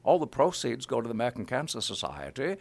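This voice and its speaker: A man's voice: medium pitch, wildly swooping pitch, fast, gravelly, exaggerated voice. A man voicing an elderly New England announcer reading a radio ad. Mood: folksy. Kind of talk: radio ad read.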